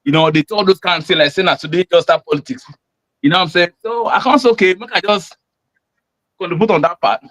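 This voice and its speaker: A man with a Nigerian accent rambles through a call-in, stacking fillers between his points. His voice sits a touch high. The sound is dry and close. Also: fast, a bit bright, no echo. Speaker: caller. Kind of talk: casual call-in commentary.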